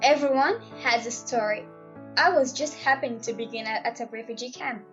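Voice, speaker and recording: Higher-voiced young woman reading a heartfelt story. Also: moderate pace, faint music behind. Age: young adult. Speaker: story reader. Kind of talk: scripted narration. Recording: slightly dull, lo-fi sound.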